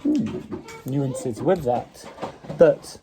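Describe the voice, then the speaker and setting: Slow patient Staffordshire man teaching vowels. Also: mid-range voice, huge pitch swings, mellow, slight background noise, low-quality recording. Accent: English Midlands, Staffordshire. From English Midlands. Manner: patient, drawn-out repetition of vowel sounds. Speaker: English teacher. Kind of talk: home phone-video phonics lesson. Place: home dining room with children present. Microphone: mobile phone propped on table.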